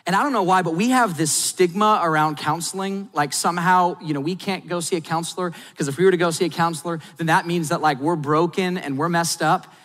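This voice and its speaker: A middle-aged man, a pastor, preaching a sermon and telling a personal story candidly, going quiet and soft at sad points and rising to urge his listeners. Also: a little high, a little fast, few pauses. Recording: long hall reverb.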